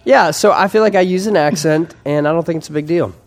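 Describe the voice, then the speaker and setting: A man's voice: a little high, fast. A man co-hosting a podcast in casual banter, teasing and playfully defensive. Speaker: podcast co-host.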